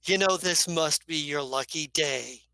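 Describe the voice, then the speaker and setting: A man voicing a fast-talking male con man in a tabletop game, cocky and breezy. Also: on the high side, creaky, bright, forceful tone, clean tone, no echo, studio quality, full character voice.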